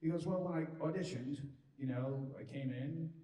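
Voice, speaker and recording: A man guest at a convention panel, telling animated anecdotes and acting out other people's lines as he goes. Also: on the high side, moderate pace. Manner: animated, acts out quotes in other voices, laughs often. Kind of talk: anecdotal Q&A storytelling. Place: large convention hall. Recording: roomy hall from far off.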